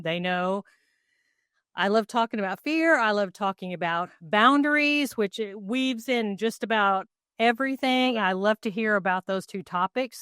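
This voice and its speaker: A woman's voice: medium pitch, fairly bright tone, clean tone, no echo, clean studio sound. A woman hosting a podcast, greeting her guest and enthusiastically introducing the topic. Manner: enthusiastic, welcoming. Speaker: podcast host. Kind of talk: podcast interview.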